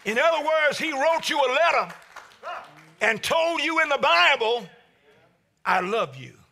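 Man, pastor, sermon, gravelly, lively pitch, shouts then hushes. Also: a little slow. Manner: preaching cadence, swelling to shouts then dropping low.

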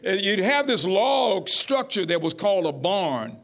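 A middle-aged man preaching a folksy, animated sermon as pastor. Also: high voice, unhurried. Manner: folksy, animated, rising to near-shouts.

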